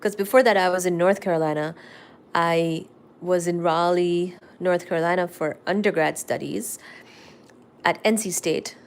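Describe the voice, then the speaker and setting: A young woman from India hosting a casual live stream, chatting and reading viewer comments aloud with loud exclamations. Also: fairly low pitch, fairly even intonation, moderate pace. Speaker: livestream host.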